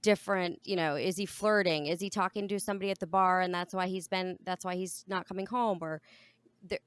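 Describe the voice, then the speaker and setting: A woman's voice: on the low side, steady tone, brisk, clear, resonant tone, no room sound. A young adult woman co-hosting a podcast, chatting casually and frankly and swearing freely. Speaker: podcast co-host. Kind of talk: casual chat.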